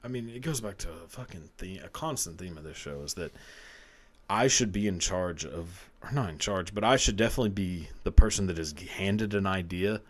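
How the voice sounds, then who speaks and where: A man's voice: low voice, lively intonation, brisk. A man in his thirties, a podcast host, telling a profane, rambling comic story and laughing often. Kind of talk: casual comedic storytelling.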